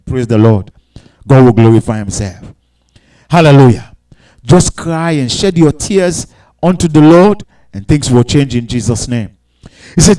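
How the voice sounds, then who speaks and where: A man preaching a sermon with call-and-response, moving between quiet reading and shouted cries. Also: fairly high pitch, poor audio. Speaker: pastor.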